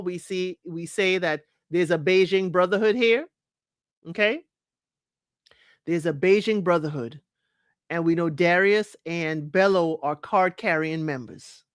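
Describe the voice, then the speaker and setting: A woman's voice: fairly low pitch, no room sound, studio quality. Chatty woman hosting a live recap. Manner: chatty, laughing often, reads comments aloud. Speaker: podcast host reading live chat. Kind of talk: casual live recap chat.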